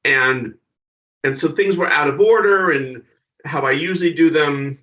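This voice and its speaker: Man, comedian guest, lively storyteller, bright forceful voice, slightly distant from the mic. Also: on the high side, unhurried. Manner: animated storyteller, acts out the people he quotes. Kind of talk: casual interview chat.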